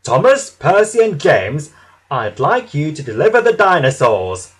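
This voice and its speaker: A man's voice: mid-range voice, huge pitch swings, measured pace, husky, heavily acted. A man voicing a stout, kindly male railway boss in a storybook reading, speaking in a firm, announcing tone.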